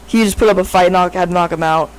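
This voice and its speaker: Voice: mid-range voice, steady tone, racing, smooth, poor audio. Casual improvised storytelling, rambling, lots of fillers, frequent self-corrections.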